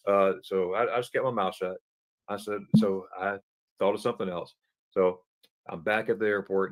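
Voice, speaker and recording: A man telling a travel story as a podcast guest, animated and stumbling over repeated words while he acts out the dialogue. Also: low-pitched, moderate pace. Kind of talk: casual anecdote telling.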